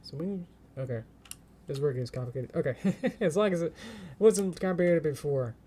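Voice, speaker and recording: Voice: medium pitch, expressive, normal speed, mellow, husky. A streamer talking casually while animating at a computer, thinking aloud step by step, chanting little counts and laughing often.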